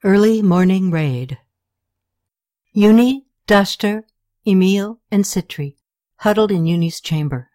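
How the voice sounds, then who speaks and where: A woman reading a novel aloud, in steady, measured scripted narration. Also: medium pitch. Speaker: audiobook reader.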